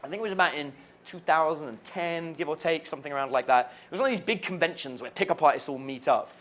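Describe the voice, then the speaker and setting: A man, a dating coach, telling stories about a student in an animated way, laughing as he goes. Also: on the high side, fast. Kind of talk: storytelling to camera.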